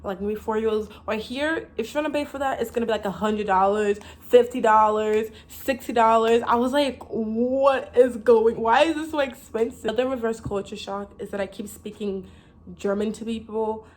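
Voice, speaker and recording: A woman's voice: mid-range voice, fairly even intonation, a little fast. Chatty young American woman vlogging. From United States. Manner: chatty and rambling, with many likes and restarts, laughs often. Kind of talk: casual talk to camera.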